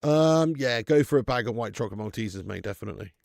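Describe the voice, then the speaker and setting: A man hosting a fan watch-along live stream, chatty and rambling, swearing freely as he reads out viewer comments. His voice has a gravelly, fry-heavy grain. He is heard close on a dry-sounding mic. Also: medium pitch, lively intonation, fast, darkish tone, no echo.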